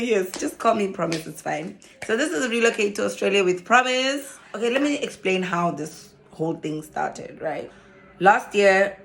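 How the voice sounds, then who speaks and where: A South African woman talking casually to camera as a vlogger, telling her story with lots of laughter. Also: mid-range voice. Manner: animated storyteller, laughs often. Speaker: vlogger and social worker.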